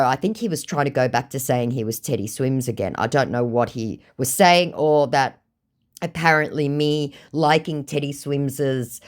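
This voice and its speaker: A woman vlogger telling a scam-baiting story in a sarcastic, exasperated way and swearing freely. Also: rumbling low. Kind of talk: casual storytelling, reading chats aloud.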